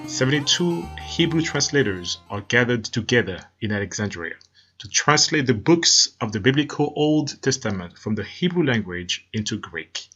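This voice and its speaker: A man giving scripted documentary narration in a measured, explanatory reading. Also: mid-range voice, very animated. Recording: muffled narration over faint music.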